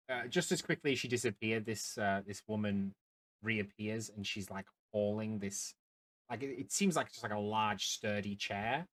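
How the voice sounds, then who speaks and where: A man with a lowish voice narrating a tabletop role-playing game as dungeon master. He stops and restarts often, feeling his way through each scene. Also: poor audio. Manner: halting, many fillers and restarts.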